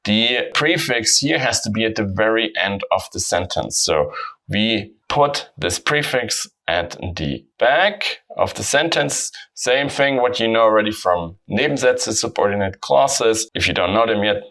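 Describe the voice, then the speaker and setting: A man teaching a grammar lesson in English, calmly explaining example sentences. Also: lowish voice, measured pace, low-quality recording. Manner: explanatory, steady, mixing German examples with English. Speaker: German teacher.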